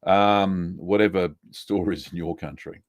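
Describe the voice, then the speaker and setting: A man hosting a live cheesemaking Q&A, relaxed and chatty, reading out viewer messages with lots of ums. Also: low voice, a little slow, no echo, studio quality. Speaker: cheesemaking show host answering live chat. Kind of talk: casual live-stream Q&A.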